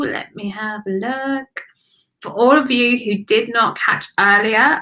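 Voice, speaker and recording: A woman's voice: fairly high pitch, vocal fry, a bit bright. A woman hosting a live-streamed intuitive card reading, chatty and effusive, calling listeners honey and darling. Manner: chatty and effusive, thinking aloud. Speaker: spiritual card reader and host.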